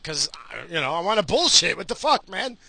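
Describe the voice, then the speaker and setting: Sharp-voiced man ranting while driving. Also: high-pitched, big pitch swings, fairly quick, creaky, husky, no room sound. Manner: crude, heated and sweary, with frequent restarts. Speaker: solo podcaster. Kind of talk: profane ranting monologue.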